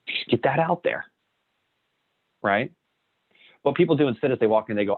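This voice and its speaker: A man leading a training session in an energetic coaching way, acting out sample lines. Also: mid-range voice, moderate pace, long pauses. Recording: dry, tinny phone-like line.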